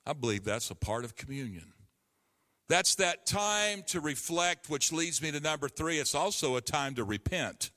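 A man's voice: fairly high pitch, lively intonation, moderate pace, sharp tone, in a large hall. A pastor in his fifties tells a personal story during a sermon, earnestly acting out the voices in it. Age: 50s.

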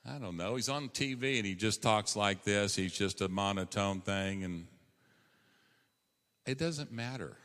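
A man's voice: fairly low pitch, measured pace, a bit bright. A man preaching a sermon as a pastor, emphatic and conversational, rising on key phrases. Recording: long hall reverb.

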